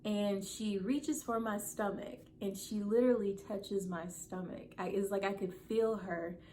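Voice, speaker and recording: A woman's voice: medium pitch, fairly even intonation, measured pace, dark tone, slight background noise. A woman in her thirties, a content creator, telling a personal story to camera in a heartfelt, earnest way. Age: 30s.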